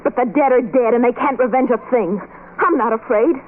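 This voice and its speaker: Actress as young woman, anxious and pleading, high lively voice; old radio drama, phone-thin with faint hiss. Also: fairly quick, lightly acted. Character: frightened young working women arguing. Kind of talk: 1930s radio acting. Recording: tinny hissy old radio broadcast.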